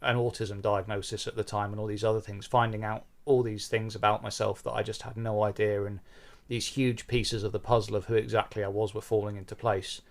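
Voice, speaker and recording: A man, a podcast host and bass player, talking frankly and self-deprecatingly about his own life in an interview, swearing casually. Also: little pitch movement, a little fast, few pauses. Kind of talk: candid conversational interview.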